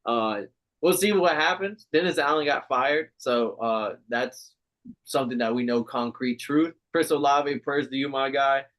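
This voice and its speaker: A man's voice: medium pitch, unhurried. A man co-hosting a podcast, chatting casually about football, swearing and laughing as he talks. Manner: animated, swearing, laughing often. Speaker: podcast co-host. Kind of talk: casual sports chat.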